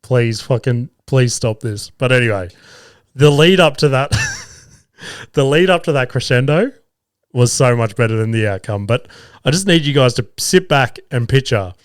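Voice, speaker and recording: An Australian podcast host, a father of two young boys, tells a family story casually, swearing and laughing along the way. His mid-range voice is clear and resonant, recorded at studio quality with no echo.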